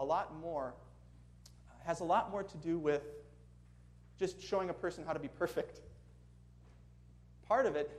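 A man's voice: on the high side, a little hiss or hum. A man preaching a sermon in a conversational way, asking the congregation questions as he goes. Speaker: pastor.

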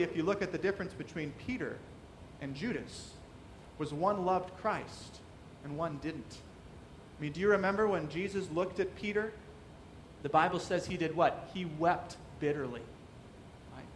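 A pastor preaches a sermon in a high voice, asking his congregation rhetorical questions and acting out the voices he quotes. There's a little hiss or hum in the recording.

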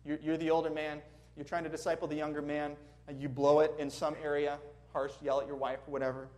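A man's voice: on the high side, monotone, brisk, a little mellow. A man preaching a sermon in a conversational way, asking the congregation questions as he goes. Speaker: pastor.

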